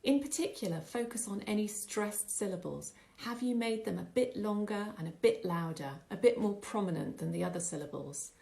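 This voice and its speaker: A middle-aged woman, an English teacher, giving a clear, measured, scripted lesson voice-over with patient explanations. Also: mid-range voice, animated, dark tone.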